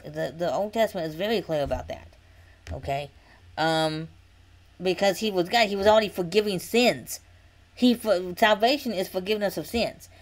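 A woman teaching an informal Bible study in an earnest, repetitive way, often checking in with a quick "okay?". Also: fairly low pitch, rough recording.

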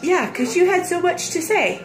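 Lively high-voiced mom in baby talk. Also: female voice, reverberant, over music. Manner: sing-song, coaxing, drawn-out exclamations. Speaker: mother.

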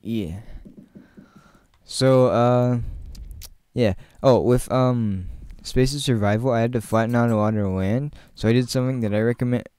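A man's voice: medium pitch, measured pace, a little mellow, smooth, no room sound. A man giving casual, chatty commentary while playing, joking and laughing often and rambling straight to his viewers. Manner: rambling, talks to viewers directly. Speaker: gaming channel host.

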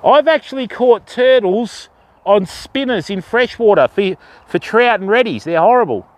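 An Australian man with a high voice and lively intonation speaks at normal speed while hosting an outdoor fishing livestream by a river. He chats easily with the audience and names viewers as he greets them.

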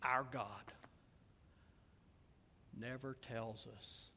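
Slow, bright-voiced preacher in a church hall. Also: male voice, high-pitched, a little hiss or hum. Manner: preaching, swings from loud calls to hushed near-whispers. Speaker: pastor. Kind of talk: sermon. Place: church sanctuary. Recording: long reverb of a church hall.

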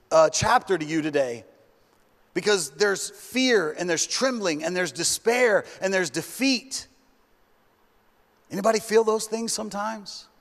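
A man preaching a sermon as pastor, earnest and slow, dropping to hushed tones when he reads scripture. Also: high-pitched. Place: church sanctuary. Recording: long church hall reverb.

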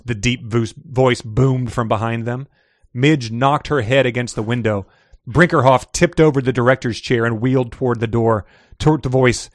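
A man's voice: mid-range voice, a bit bright, no room sound, clean studio sound. Man reading aloud on a podcast. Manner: reads prose with light character voices, laughs often. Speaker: podcast co-host reading excerpts.

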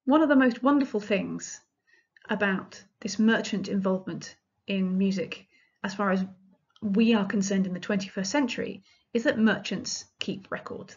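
A woman's voice: medium pitch, breathy edge. Woman lecturer, talks music history in a loose explanatory way, slightly dull lo-fi sound. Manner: chatty, explanatory, frequent ums and restarts. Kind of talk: illustrated lecture.

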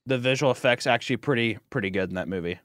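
A man co-hosting a podcast in casual chat, animated and often laughing, acting out film lines as he talks. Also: mid-range voice, quick pace, dry recording, studio quality. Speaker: podcast co-host.

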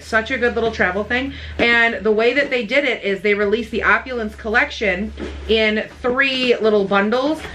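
A young woman vlogging as she unboxes makeup, gushing and excitable, swearing freely. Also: mid-range voice, a little hiss or hum. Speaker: beauty vlogger. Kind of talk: casual unboxing chat.

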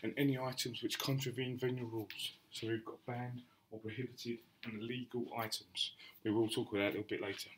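A man's voice: mid-range voice, little pitch movement, a little fast, fairly bright tone, a little hiss or hum, poor audio. A man leading a safety training class, talking to the group in a chatty way, often restarting phrases and briefly acting out exchanges with customers. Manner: repeats and restarts phrases, addresses the class directly.

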